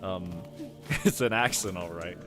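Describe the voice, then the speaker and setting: A man's voice: low voice, a little slow. A young man rambling casually while he plays a game and answers chat, chuckling often. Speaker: gaming streamer. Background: game music.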